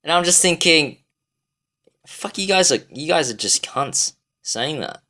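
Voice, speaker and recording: An Australian vlogger rants to camera in a rambling, profane, exasperated monologue packed with fillers and restarts. His voice is on the high side, pushed and bright, with lively intonation and an unhurried pace.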